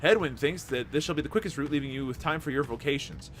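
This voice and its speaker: A man hosting a gameplay video, reading the game's text aloud and commenting with excitement. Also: on the high side, quick pace, faint music behind. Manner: animated, reads dialogue aloud with excitement.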